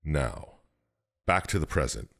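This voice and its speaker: A man co-hosting a podcast, rambling through a game's plot with swearing and jumping into high put-on voices for the characters. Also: animated, measured pace, gravelly, fairly bright tone. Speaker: podcast co-host. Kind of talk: casual chat, recapping a game plot.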